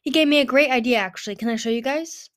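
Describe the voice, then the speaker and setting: A woman's voice: sits high, fast talker, a bit bright, pitched above the performer's own voice. A woman reading a storybook aloud, voicing a cheerful, bold young male dragon in an eager, teasing way. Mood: playful.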